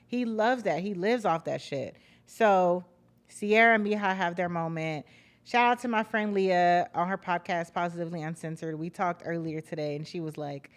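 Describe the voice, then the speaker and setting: A young woman hosting a casual reality-TV recap, blunt, profane and sarcastic in her commentary. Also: on the low side. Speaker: podcast host recapping reality TV.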